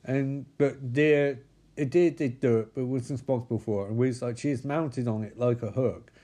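Man, mellow voice, casual rambling recap, profane, quick character voices. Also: mid-range voice, fairly even intonation.

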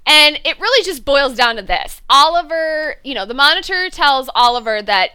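A woman co-hosts a casual podcast chat, her voice bright and a little high. She recaps the episode with animated sarcasm and laughs between her lines. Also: moderate pace, few pauses, clean tone. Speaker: podcast co-host.

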